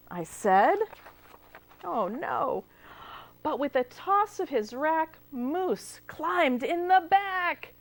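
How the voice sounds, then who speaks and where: A woman librarian reading a picture book aloud to children, expressive, with gasps and questions to the young listeners. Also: high-pitched, drawn-out words, dry recording. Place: cable TV studio.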